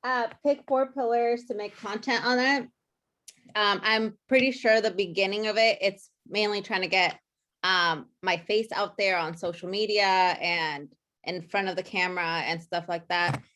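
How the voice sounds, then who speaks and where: A woman's voice: mid-range voice, fairly bright tone. Chatty woman sharing on a coaching call. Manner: chatty, candid, with frequent ums and laughs. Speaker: coaching participant. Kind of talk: casual sharing in a group call.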